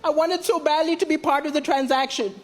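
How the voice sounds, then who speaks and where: A man from Malawi doing a stand-up comedy set, telling deadpan stories with punchlines on a big theatre stage. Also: very high voice, brisk. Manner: deadpan storytelling, punchlines to a laughing crowd. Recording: loud live crowd and applause in a big theatre.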